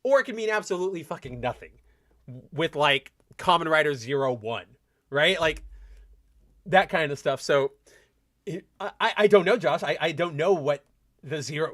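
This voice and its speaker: A man hosting a casual gaming livestream, reading viewer comments aloud and rambling excitedly with lots of stammered restarts and freely dropped swears. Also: fairly high pitch, normal speed, pauses often. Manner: excitable, fan-like. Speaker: podcast host.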